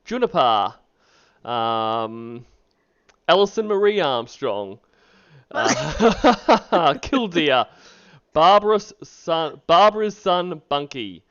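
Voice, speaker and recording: A man chats casually on a stream, rambling and laughing as he goes. His pitch moves a lot, and his voice stays smooth and clear. The audio is a little dull and lo-fi. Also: sing-song, drawn-out words. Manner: laughs often, rambling shout-outs. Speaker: streamer host.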